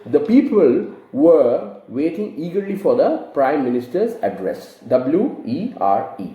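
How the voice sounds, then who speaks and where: A man's voice: fairly high pitch, big pitch swings, measured pace, echoey room, lo-fi sound. A man teaching grammar to camera, explaining patiently and asking rhetorical questions. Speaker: English teacher.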